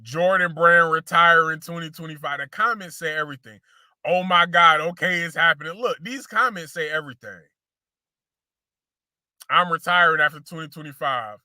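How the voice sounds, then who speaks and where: A man's voice: fairly high pitch, normal speed, sharp tone, no room sound, clean studio sound. A man hosting a casual sneaker show, talking slangy and loose, repeating phrases and calling his viewers y'all.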